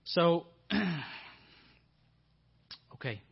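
A man's voice: drawn-out words, dull audio. A man preaching a sermon in a church, earnest and given to repeating his questions for emphasis.

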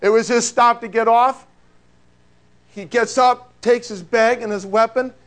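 Male pastor, higher register, emphatic sermon storyteller. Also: fairly even intonation, measured pace. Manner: emphatic storytelling preacher, dropping to hushed prayer.

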